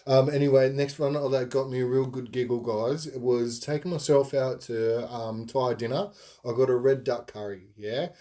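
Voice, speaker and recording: A man's voice: medium pitch, steady tone, normal speed, dark tone. Rambling giggly man. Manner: rambling, giggly, lots of fillers. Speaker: podcast host. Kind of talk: casual storytelling monologue.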